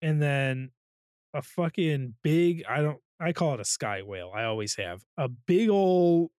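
A man's voice: mid-range voice, moderate pace, dry recording, clean studio sound. A man co-hosting a podcast, chatting casually and telling stories with swearing and sound effects. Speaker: podcast co-host. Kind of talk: casual chat.

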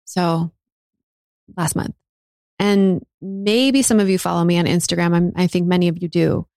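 Woman, thirties, solo podcast host, candid, spiritual, casual swearing, lowish voice, dead dry close mic. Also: steady tone, moderate pace, dark tone, no echo. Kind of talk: reflective solo podcast monologue.

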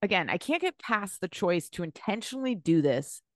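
A woman's voice: mid-range voice, big pitch swings, normal speed, no echo, clean studio sound. A woman co-hosting a podcast, chatting casually and bluntly about a reality show with sarcastic asides and swearing. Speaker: podcast co-host.

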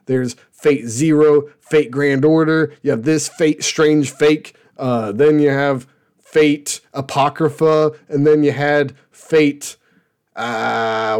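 A man's voice: medium pitch, darkish tone. A man hosting a casual show review, rambling and laughing, often stopping to restart his sentences. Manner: rambling, laughing, self-interrupting. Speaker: podcast host reviewing shows.

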